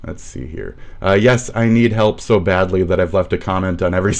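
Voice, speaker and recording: A man's voice: deep voice, normal speed. Abrasive, foul-mouthed Midwestern man ranting. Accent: American Midwest. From Midwest USA. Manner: abrasive, sarcastic, mocking, swears constantly. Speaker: streamer. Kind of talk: profane ranting livestream commentary.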